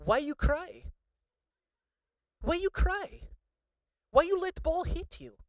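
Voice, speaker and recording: A man's voice: very high-pitched, lively intonation, slow pace, no room sound, studio quality, voice pushed up, full character voice. A man voicing a stern male tennis coach with a Czech accent, who barks short commands in broken English. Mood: scolding. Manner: scolding, barking short questions.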